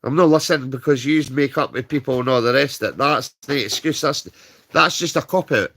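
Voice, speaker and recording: British man, livestream rant, heated, swears a lot, mid-pitched voice. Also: a little fast, gravelly, fairly bright tone. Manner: heated, swearing, repeats "right?". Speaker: streamer.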